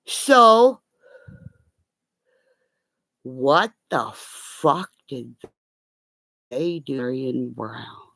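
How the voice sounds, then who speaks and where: A woman in a rambling, profane livestream rant that breaks into sudden shouting. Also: a bass voice, very animated, very slow, creaky, pauses often, dry recording. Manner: profane, erratic, bursts into shouting.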